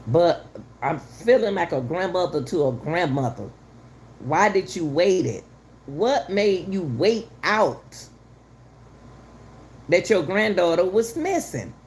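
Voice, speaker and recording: A woman's voice: lowish voice, big pitch swings, slow pace, pauses often, a little mellow, a little hiss or hum. A middle-aged woman giving heated, casual commentary to her viewers, repeating herself for emphasis. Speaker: channel host commenting on a news case.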